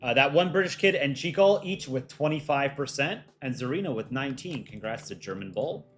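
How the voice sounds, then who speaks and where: Guy hosting a stream, reading entries and cracking small jokes, quiet music and typing behind. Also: mid-range voice, expressive, a little fast. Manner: chatty, reads out entries and reacts with light jokes. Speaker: livestream host judging fan art. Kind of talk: casual livestream commentary.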